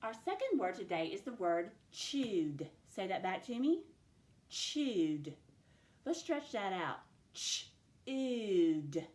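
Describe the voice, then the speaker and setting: A woman teacher giving a recorded classroom lesson, speaking slowly and clearly as she models each word sound. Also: mid-range voice, big pitch swings, a little mellow, reverberant. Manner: slow, clear phonics modelling, stretching out sounds.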